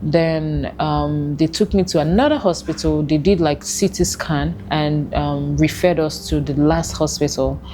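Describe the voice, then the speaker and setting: Slow, halting Nigerian woman. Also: low-pitched, fairly even intonation, noisy background. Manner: slow, halting, emotional pauses. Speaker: testimony guest. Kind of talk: personal testimony.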